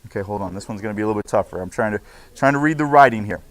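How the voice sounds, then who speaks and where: A man's voice: lowish voice, racing, no room sound. A man teaching a school class, playful and joking with his students in a classroom. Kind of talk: classroom instruction.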